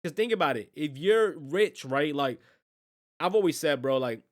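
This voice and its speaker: A man's voice: medium pitch, a little fast. A man hosting a music reaction video, talking casually and earnestly in slang, emotionally moved by the track. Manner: slangy, earnest, keeps saying "bro" and "man".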